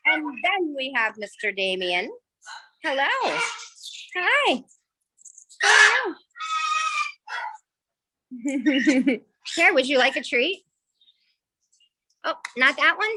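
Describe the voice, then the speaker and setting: A slightly high-voiced woman leads a chatty tour of a bird rescue over a video call, dropping frequent ums and cooing at the birds. The call carries a loud wall of squawking and chirping from the birds around her. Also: very noisy. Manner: chatty, many filler ums, sweet baby talk to birds. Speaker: parrot rescue facility director. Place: indoor bird rescue room. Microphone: phone or laptop on a video call.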